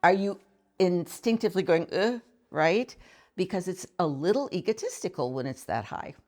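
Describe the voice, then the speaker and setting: In this instructional clip, a female violin professor talks through intonation, pausing for brief played demonstrations and asking the listener questions. Her lowish voice is expressive and somewhat dark, at a normal speed, with soft music behind her and violin between phrases.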